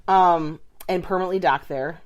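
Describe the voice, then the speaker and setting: Low-voiced woman, chatty storyteller. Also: moderate pace. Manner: chatty, filler-heavy storytelling with many "like" and "um". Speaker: podcast co-host. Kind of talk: casual chat.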